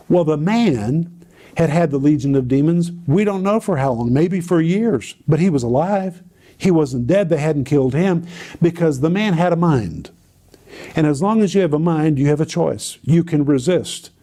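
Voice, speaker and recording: A man's voice: on the high side, warm tone. A man teaching on a Bible passage to a co-host, telling it in a dramatic, emphatic way with repeated phrases.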